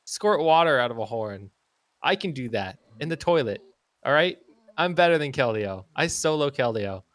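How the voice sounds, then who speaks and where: A young man streaming a game, chatting casually in an excitable, rambling way and slipping into silly voices. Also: mid-range voice, normal speed. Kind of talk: casual gaming stream chat.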